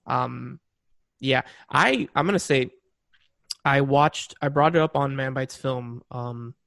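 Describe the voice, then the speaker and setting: A young man co-hosting a podcast in casual chat, animated and swearing freely with lots of fillers. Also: medium pitch, slow, creaky, no echo, studio quality. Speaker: podcast co-host.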